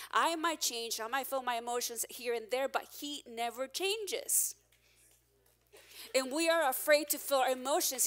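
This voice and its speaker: A woman pastor preaching a candid, emphatic sermon, her loudness rising and falling as she presses her points. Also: fairly high pitch.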